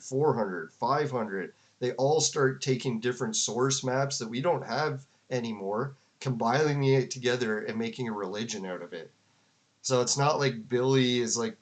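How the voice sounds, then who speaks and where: A man talks through a debate in loose, rambling commentary for his chat. His speech is full of fillers and restarts. His voice sits at an ordinary middle pitch. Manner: rambling, filler-heavy, with frequent "like" and laughs. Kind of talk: casual commentary to a live chat.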